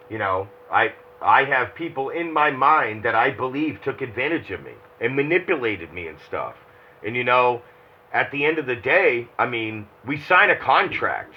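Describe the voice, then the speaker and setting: A man's voice: mid-range voice, slightly rough. A man in casual phone chat, rambling and swearing as he talks through his thoughts. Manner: rambling, swearing, self-reflective. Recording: muffled lo-fi phone call.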